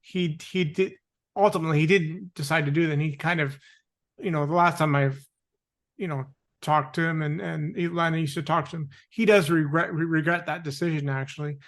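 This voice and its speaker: A man hosting a talk show, speaking haltingly with many restarts. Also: fairly high pitch, fairly even intonation. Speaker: host. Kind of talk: casual chat.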